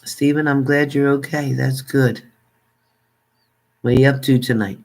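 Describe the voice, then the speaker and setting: A man's voice: mid-range voice, fairly even intonation, a little slow, darkish tone. Older male livestream host, chatty and familiar, reads viewer names off and thanks each one. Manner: chatty, thanks viewers by name, calls them hon. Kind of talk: casual livestream chat with viewers.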